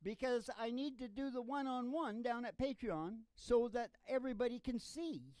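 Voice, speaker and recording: A man's voice: very high-pitched, moderate pace, clean tone. A man hosting a live music stream, chatting casually and jokily between songs. He rambles and trails off mid-thought. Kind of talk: casual chat between songs, playing guitar. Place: warehouse performance space. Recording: loud acoustic guitar under the voice.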